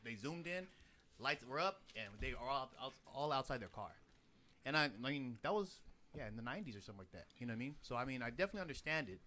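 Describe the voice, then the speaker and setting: A young adult man in casual chat, telling an animated story full of swearing and acted-out sound effects. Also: medium pitch, fast talker. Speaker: podcast co-host.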